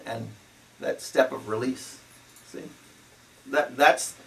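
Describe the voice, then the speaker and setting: A man with a gravelly, fry-edged voice teaching on spiritual matters, his speech slow and deliberate. He repeats key words and keeps checking in with "See?" as he goes. He sits a little away from the microphone, so he sounds distant. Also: medium pitch, fairly bright tone. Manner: tags phrases with "See?" and "You know". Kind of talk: spiritual talk. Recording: voice from a distance to the mic.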